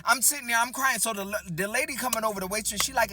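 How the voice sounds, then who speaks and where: A man telling a personal story in a casual storytime monologue, animated, talking straight to the audience and acting out the dialogue. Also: extremely high pitch, quick pace.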